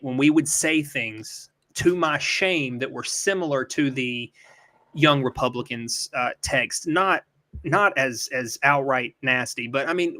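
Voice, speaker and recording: A man's voice: mid-range voice, fairly bright tone. A middle-aged man hosting a call-in livestream, talking earnestly and emphatically and cursing when he gets worked up. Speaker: livestream host. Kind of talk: casual call-in livestream chat.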